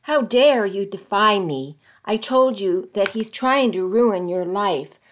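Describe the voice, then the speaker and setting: A woman's voice: mid-range voice, lively intonation, slow pace, slight background noise. A woman reading as an angry, controlling husband. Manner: harsh, scolding.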